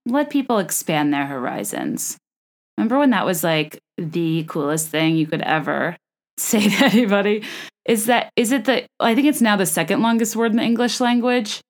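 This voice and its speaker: A woman's voice: medium pitch, expressive, moderate pace. A young woman from the American South hosting a solo podcast, rambling casually and poking fun at herself. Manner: chatty, self-deprecating, rambling with restarts and laughs. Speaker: podcast host.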